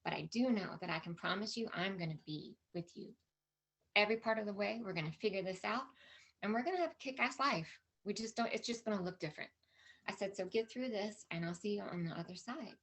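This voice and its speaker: A woman's voice: mid-range voice, a little fast, a bit bright. A middle-aged woman speaking at a conference, telling a personal story with candid emotion and lots of quoted dialogue. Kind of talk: personal story told to an audience. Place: conference stage.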